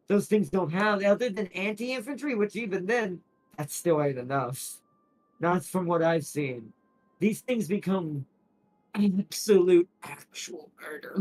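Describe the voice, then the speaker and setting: A man's voice: sits high, poor audio. A man streaming a strategy game, rambling through casual commentary with frequent laughs and restarted sentences. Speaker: gaming streamer.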